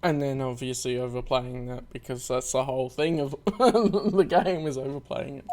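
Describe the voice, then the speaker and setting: A man's voice: mid-range voice, moderate pace, a little mellow, a little hiss or hum. A man casually commenting as he plays and reads through a story game. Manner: chatty, self-deprecating asides. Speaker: video game let's player.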